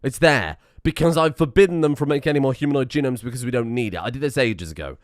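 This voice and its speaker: A man's voice: medium pitch, animated, fast, dry recording, faint music behind. A man doing video game commentary, rambling and exasperated, talking nonstop. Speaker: let's play host.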